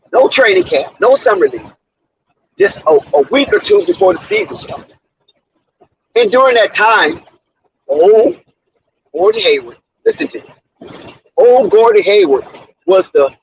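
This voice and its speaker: Hosting his own sports commentary channel, a high-voiced man rambles through an unscripted monologue in street slang, emphatic, preachy and repetitive. The recording is dull and lo-fi, with slight background noise.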